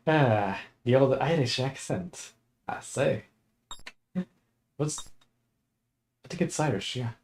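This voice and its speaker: A young man streams a game with relaxed, rambling commentary. His voice is mellow and warm, at an ordinary pitch. He takes his time, drifting from thought to thought with easy laughs. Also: slow pace, pauses often, a little hiss or hum. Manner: laid-back, chatty, chuckles often. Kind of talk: casual let's-play commentary.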